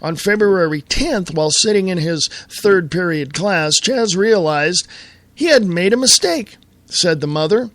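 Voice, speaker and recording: A man's voice: high-pitched, fairly bright tone, no echo. An American man hosting a talk radio show, ranting angrily in a political monologue and reading news aloud. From United States.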